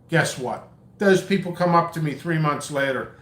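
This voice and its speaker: A man's voice: a little high, lively intonation, unhurried, a bit bright. A man hosting his own channel, ranting in a long-winded, stammering, exasperated way. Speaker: seed seller and channel host. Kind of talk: rambling vlog rant. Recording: echoey room.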